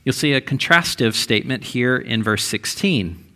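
A man's voice: mid-range voice, lively intonation, moderate pace, bright, forceful tone. A male pastor giving a conversational sermon, with frequent restarts and rising, emphatic stretches.

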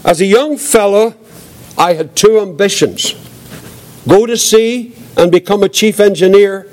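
An older man giving his testimony as a preacher, earnest and reflective, with a quiet voice. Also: high voice, a little slow. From Northern Ireland. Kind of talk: testimony sermon.

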